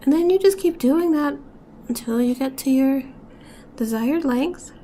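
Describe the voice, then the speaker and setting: A woman giving a step-by-step beading tutorial, talking softly and often dropping to a whisper as she works. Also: sits high, measured pace, slight background noise. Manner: soft-spoken, often drops to a whisper while working.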